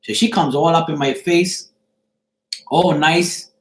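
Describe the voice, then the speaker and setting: A man's voice: fairly high pitch, slow pace. Rambling middle-aged man, echoey room. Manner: rambling, repeats "you see what I'm saying". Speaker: live-stream host. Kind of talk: casual chat to viewers.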